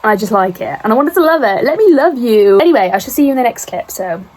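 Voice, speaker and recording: A young woman chatting casually on a book vlog, a bit husky from a cold, rambling and self-deprecating with asides to the viewer. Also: mid-range voice, lively intonation, fast, darkish tone. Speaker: book vlogger.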